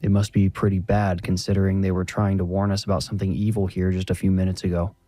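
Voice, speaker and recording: A man voicing an eager young man at a ghost hunt, close to his own deep voice. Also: flat delivery, fast, warm tone, no room sound, soft background music.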